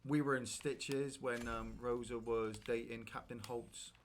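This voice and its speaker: Male gaming streamer, casual rambling chat, bursts of loud excitement, mid-range voice. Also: medium pitch, unhurried, a little hiss or hum. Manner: rambling, animated, prone to sudden shouts at the game. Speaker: streamer playing a video game.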